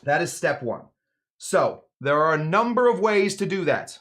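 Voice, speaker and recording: This jokey live cocktail demo features a man with a fairly high, sing-song voice at normal speed, hosting from his home bar. Playful and rambling, he talks through a recipe, alternating loud emphasis with mumbled asides and jokes.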